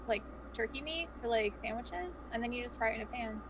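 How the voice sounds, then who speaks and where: A woman's voice: fairly high pitch, brisk, background noise. A woman in a casual chat, talking loosely with lots of fillers and some swearing. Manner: casual, profane, filler-heavy.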